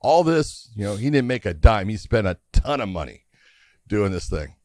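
Brief: middle-aged man, lively laughing raconteur, dry close sound. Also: fairly low pitch, normal speed, no room sound. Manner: animated, laughing storyteller. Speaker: podcast guest telling stories. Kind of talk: casual storytelling chat.

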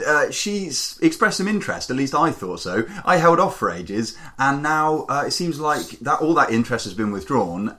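A man co-hosting a podcast, chatting casually with jokes and quick asides. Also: medium pitch, sharp tone. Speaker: podcast co-host.

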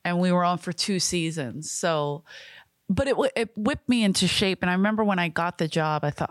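A woman in her forties in casual talk, telling lively stories and laughing often. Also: lowish voice, normal speed, no room sound. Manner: animated storyteller, laughs often. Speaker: guest. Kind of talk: casual chat.

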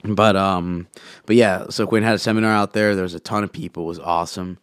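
A very low-pitched man rambles through a travel story, stacking up "like" and "man" as he goes. His throat is swollen, a cough drop is in his mouth, and the close mic catches every swallow. The sound is dry and tight. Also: fairly even intonation, a little fast, smooth, no echo. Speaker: podcast guest recounting travel. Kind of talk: casual chat. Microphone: close mic picking up swallowing.

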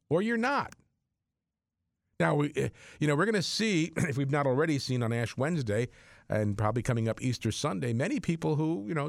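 A man hosting a Catholic radio show, making an earnest, excitable on-air fundraising appeal with frequent restarts. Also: medium pitch, creaky, dry recording, studio quality.

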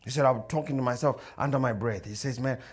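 A man's voice: mid-range voice, quick pace, husky. A man preaching a sermon in a mid-range voice. He tells stories and slips into the voices of the people in them, shifting his delivery as he goes. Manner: storytelling, acts out dialogue and crowd voices. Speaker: pastor.

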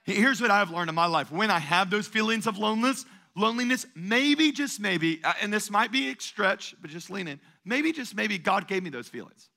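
A male pastor delivering an energetic sermon in a church, calling on the congregation to answer back. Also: high-pitched, normal speed, few pauses. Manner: call-and-response preaching, energetic and emphatic.

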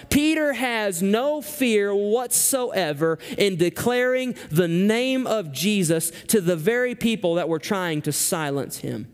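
A male pastor preaching a sermon emphatically, climbing high when he reads scripture aloud. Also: animated, takes it slowly, hardly any pauses, in a large hall.

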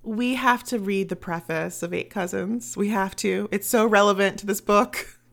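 A woman's voice: medium pitch, steady tone, normal speed, creaky, a bit bright. A woman co-hosting a casual book podcast, talking in a chatty, eager way and rattling off lists.

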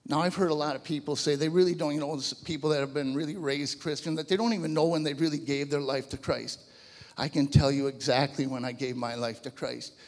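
A man in his fifties giving a personal testimony to a church audience, telling his story in an animated, conversational way. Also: fairly high pitch, fairly quick, in a large hall. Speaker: guest speaker giving a testimony. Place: large church hall before a live audience.

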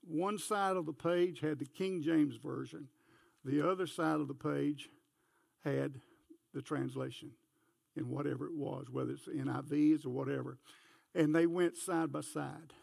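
A man's voice: a little high, creaky, a little mellow, dry recording, studio quality. A man preaching a folksy sermon in church, telling homespun stories and talking straight to the congregation. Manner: homespun, anecdotal, talks to the congregation directly. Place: church sanctuary.

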